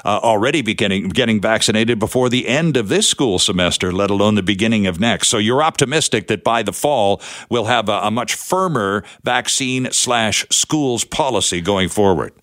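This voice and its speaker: A man's voice: fairly low pitch, lively intonation, moderate pace, few pauses, fairly bright tone, no room sound. Guy hosting talk radio, chatty, dry studio sound. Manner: chatty, conversational. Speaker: radio host.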